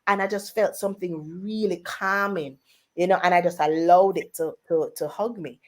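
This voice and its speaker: On a radio show, a woman with a lowish voice relates a personal story at normal speed. She tells it vividly and mimics her relatives' voices whenever she quotes them.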